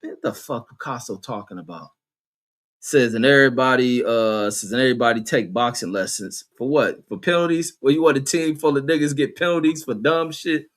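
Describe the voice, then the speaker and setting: A man's voice: mid-range voice, brisk, a bit bright. A middle-aged man hosting a casual stream, reading viewer comments aloud and riffing on them with profanity and laughter. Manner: profane, laughing, reads chat aloud and riffs. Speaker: livestream host reading chat. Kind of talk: casual uncensored chat.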